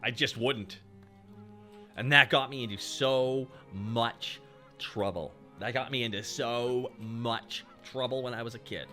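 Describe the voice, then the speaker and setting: A man's voice: medium pitch, unhurried, pushed and bright, soft background music. A man chatting casually and joking with profanity while he streams a game. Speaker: VTuber streamer.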